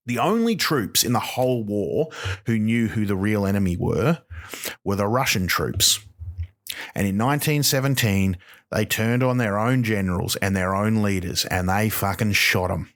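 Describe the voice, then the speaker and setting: A man's voice: lowish voice, expressive, normal speed, fairly bright tone. Sweary man ranting. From Australia. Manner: sweary, rambling, sarcastic. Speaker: comedian, podcast host. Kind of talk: stand-up style rant.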